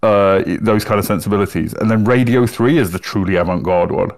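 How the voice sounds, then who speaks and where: A fairly low-voiced man with a Northern English accent, talking in a loose, casual chat. He rambles in a friendly way, swears freely and laughs often. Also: fairly quick. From Northern England.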